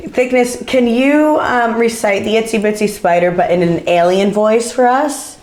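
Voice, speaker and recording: A woman's voice: on the high side, moderate pace, darkish tone. Playful woman co-host in an echoey room. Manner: playful, teasing questions. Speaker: podcast co-host. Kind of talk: casual chat.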